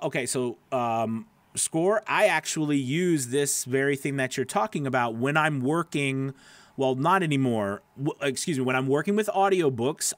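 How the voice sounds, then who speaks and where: A man's voice: mid-range voice, fairly bright tone, no echo. A man, a voice actor, hosting a casual live stream, rambling with lots of fillers and restarts while answering viewer comments by name.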